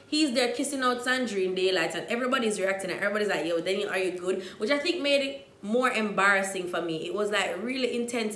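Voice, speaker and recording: A young Jamaican woman with a Jamaican accent, telling a dramatic storytime, dropping to hushed asides and rising to loud outbursts. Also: mid-range voice, echoey room. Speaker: vlogger. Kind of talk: storytime vlog.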